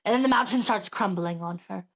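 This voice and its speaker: A woman's voice: mid-range voice, a little fast, creaky, a bit bright. A woman co-hosting a casual book podcast, chatty and retelling plots with many fillers. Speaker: podcast co-host.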